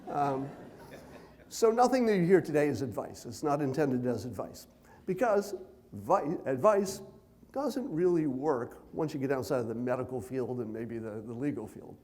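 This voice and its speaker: A man giving a conference keynote speech, conversational with dry self-deprecating humor, deliberately speaking at a raised pitch. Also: lively intonation, darkish tone. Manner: loose, unhurried delivery with many fillers and asides.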